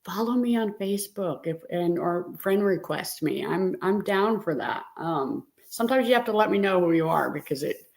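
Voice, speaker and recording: A woman's voice: lowish voice, expressive, moderate pace, vocal fry, hardly any pauses. A middle-aged woman hosting a casual live stream and talking directly to her viewers in a chatty way. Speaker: live-stream host and reseller.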